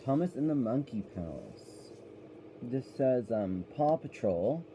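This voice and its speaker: A man's voice: mid-range voice, very animated, slow, warm tone, slight background noise, low-quality recording. A man giving a casual, rambling review of a children's cartoon, often correcting himself as he goes.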